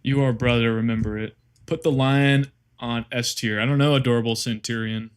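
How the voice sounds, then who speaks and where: A young man chatting on a live stream, excitable and rambling, swearing often while he sorts a tier list. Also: mid-range voice, moderate pace, smooth. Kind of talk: casual live-stream chat.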